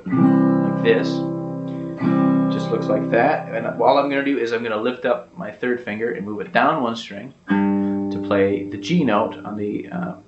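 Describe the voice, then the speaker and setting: A man giving a casual guitar lesson, explaining step by step in an easygoing way with lots of fillers. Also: fairly low pitch. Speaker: guitar teacher. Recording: roomy, dull sound with loud guitar.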